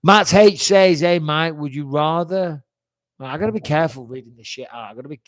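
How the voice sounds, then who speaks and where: A man's voice: a little high, fairly quick. A man in his forties hosting a live fan chat, reading out fan questions and answering in a blunt, chatty way, swearing freely and sounding like he's getting over a cold. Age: 40s. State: recovering from a cold-like illness.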